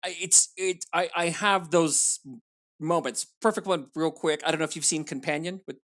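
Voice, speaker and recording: A man's voice: fairly high pitch, moderate pace. A man appearing as a guest on a film podcast, talking emphatically and chiming in often to agree. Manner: animated, emphatic, lots of agreeing. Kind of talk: casual film discussion.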